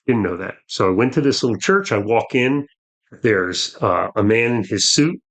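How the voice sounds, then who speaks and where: A man, a podcast guest earnestly telling a personal story, with halting restarts. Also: on the low side, expressive, a bit bright.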